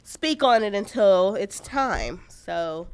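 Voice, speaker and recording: A woman co-host in easy, profane banter with friends. She laughs often, and her pitch swings widely. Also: expressive, slow pace, clear, resonant tone. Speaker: podcast co-host. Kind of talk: casual chat.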